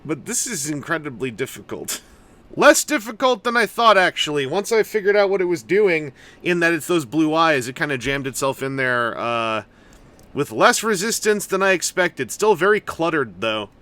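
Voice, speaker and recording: A man's voice: on the high side, animated, normal speed, sharp tone. A man giving casual, rambling commentary while building and unboxing a collectible toy, with jokey asides. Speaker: toy reviewer.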